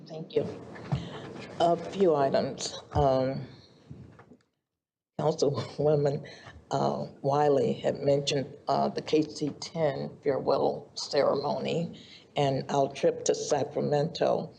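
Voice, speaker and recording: Low-voiced chatty councilwoman. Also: flat delivery, slow pace, creaky, dark tone, a little hiss or hum. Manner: chatty, laughing asides. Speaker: city council member. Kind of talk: council meeting comments. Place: council chamber.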